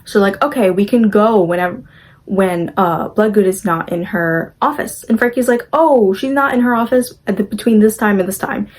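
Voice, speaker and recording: A woman's voice: medium pitch, moderate pace, darkish tone, poor audio. A young woman casually recapping a movie, chatty and gushing, acting out the characters' lines as she goes.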